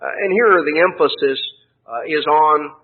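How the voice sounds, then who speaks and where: A man's voice: moderate pace, breathy edge, narrow, tinny audio. A man preaching a sermon, reasoning earnestly with frequent hesitations and restarts, lifting his voice when he quotes scripture. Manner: rises in pitch and volume when quoting scripture.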